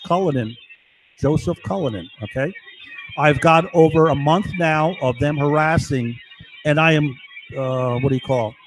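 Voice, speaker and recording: A man's voice: on the high side, a little hiss or hum, rough recording. A man talking in an agitated, rambling monologue while recording himself at his computer, again and again asking his listener "right?". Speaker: video blogger.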